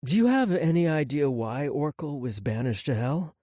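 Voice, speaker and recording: A man's voice: on the high side, expressive, moderate pace, dark tone, no echo, studio quality. A male audiobook narrator voicing a brash young woman who talks bluntly and emphatically.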